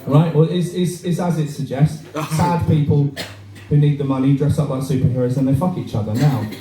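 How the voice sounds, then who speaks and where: A man's voice: a little high, a little fast, a little hiss or hum. A man doing a crude, rambling stand-up set, performing live in a cafe bar. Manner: crude, rambling, animated, swears a lot. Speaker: stand-up comedian. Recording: echoey room, mic heard from far.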